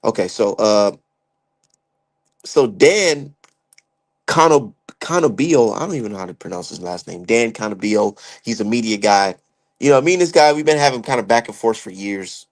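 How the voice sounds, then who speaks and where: A man's voice: lowish voice, animated, moderate pace. A young man giving heated, profane, slangy commentary as a streamer. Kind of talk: ranting casual commentary.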